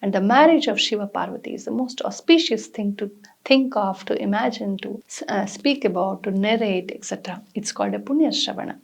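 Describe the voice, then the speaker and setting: A woman narrates an old myth in a lively, expressive way. Her voice is gravelly and mid-pitched, and she pauses with fillers as she goes. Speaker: storyteller, speaker on mythology. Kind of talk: mythological storytelling talk.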